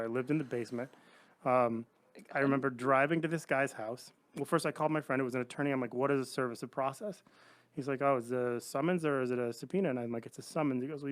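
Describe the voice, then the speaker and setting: A middle-aged man on a podcast, casually telling an animated story and acting out the other people's lines. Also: mid-range voice. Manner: animated anecdotes, acts out quoted voices. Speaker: podcast guest.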